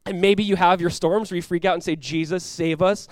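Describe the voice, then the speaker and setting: A man, a pastor telling a lively personal story in a sermon, often laughing as he talks. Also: high voice, quick pace, no room sound.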